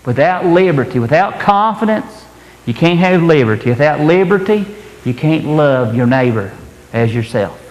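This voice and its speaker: A man's voice: fairly high pitch, animated, moderate pace. A man preaching a sermon in an emphatic, colloquial, repetitive style. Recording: echoey hall, roomy reverb.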